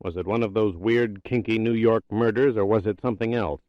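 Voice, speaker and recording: A man's voice: lowish voice, fairly quick, no echo, dull audio, lightly acted. A man reading an audiobook, voicing an impatient, older US president who speaks in a harsh drawl. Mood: angry.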